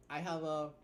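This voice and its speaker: With a fairly high-pitched voice and a slight hiss or hum in the audio, a Trinidadian livestream host and writer streams casually. He's blunt and joking, swearing freely and firing off fast asides while reacting and reading a story aloud.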